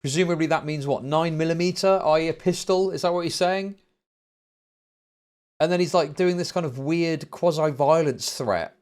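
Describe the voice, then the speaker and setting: A man's voice: a little high, moderate pace, a little mellow. A man, a streamer host giving profane, sarcastic reaction commentary. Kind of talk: casual livestream reaction commentary.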